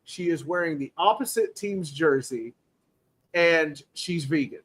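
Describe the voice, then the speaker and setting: A man's voice: a little high, measured pace, a bit bright. A man hosting a casual football podcast, playfully spinning joking hypotheticals and laughing often. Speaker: podcast host. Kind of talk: casual sports talk.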